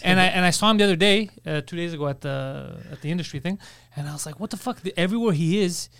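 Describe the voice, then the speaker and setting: Fast-talking man cracking crude jokes. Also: a little high, vocal fry, fairly bright tone, smooth, no echo, clean studio sound. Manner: quick wisecracks, crude jokes. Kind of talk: casual podcast chat.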